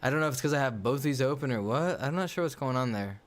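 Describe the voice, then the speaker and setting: A man's voice: medium pitch, lively intonation, fast talker. A man livestreaming a game and chatting casually, ranting bluntly in slang. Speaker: gaming livestreamer. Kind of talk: casual livestream chat while playing.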